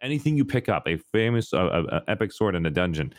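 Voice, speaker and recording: A man in casual podcast chat, telling stories with lively jumps into a high voice when acting out scenes. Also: fast talker. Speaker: podcast co-host.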